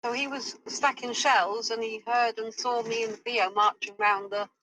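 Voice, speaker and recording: Chatty, flustered mum. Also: female voice, on the high side, steady tone, normal speed, sharp tone, slight background noise, rough recording. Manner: chatty, flustered storytelling with many fillers. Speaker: host's mother, in a voice message. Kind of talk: rambling voice message.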